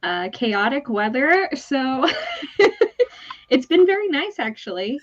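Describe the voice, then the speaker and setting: A woman guest on a live stream, chatting in a relaxed, easygoing way over a video call. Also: high-pitched, takes it slowly. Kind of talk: casual chat. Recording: dull lo-fi call audio.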